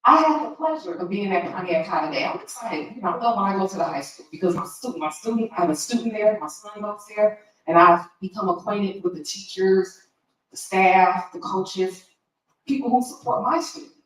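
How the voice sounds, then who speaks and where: A woman's voice: mid-range voice, lively intonation, brisk. An emotional woman speaks as a school board trustee, direct and openly frustrated. Her voice carries from a distance through a big, echoey meeting room. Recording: echoey hall from far off.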